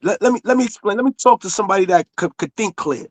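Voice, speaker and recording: A high-pitched man argues hard, circling back to restate his point again and again over interruptions. The sound is dry and close, with no room around it. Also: animated, fast talker, no room sound. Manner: insistent, repeats himself, talks over others. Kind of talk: heated casual argument.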